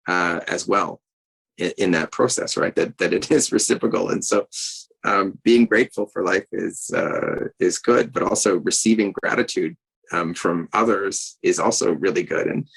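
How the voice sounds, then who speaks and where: A man's voice: low voice, creaky, slightly rough, rough recording. A man sharing a reflective personal story in a group discussion, hesitant and full of restarts. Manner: hesitant, many ums and restarts. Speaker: art teacher and practitioner in a discussion group. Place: video call.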